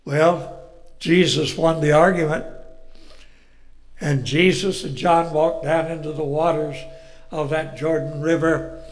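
A man preaching a folksy Bible sermon, telling the story with rhetorical questions and chuckles, and swelling loud on key phrases. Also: a little high, steady tone, slow pace, pauses often, faint music behind.

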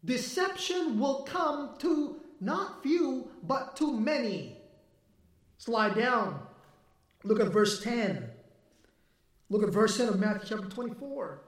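High-voiced man preaching in an echoey room. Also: sing-song, slow pace. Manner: emphatic preaching, rising to near-shouting. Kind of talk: sermon.

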